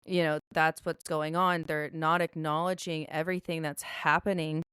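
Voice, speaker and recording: A woman's voice: low voice, flat delivery, moderate pace, a bit bright, smooth, dry recording, clean studio sound. A woman co-hosting a podcast, rambling through a casual book discussion and recapping the plot at length. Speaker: podcast co-host.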